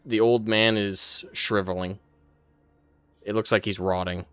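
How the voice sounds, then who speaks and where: A man narrating as dungeon master, halting and thinking aloud with frequent uhs. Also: on the low side, fairly even intonation, fairly bright tone, smooth, no room sound. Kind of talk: narrating a tabletop game.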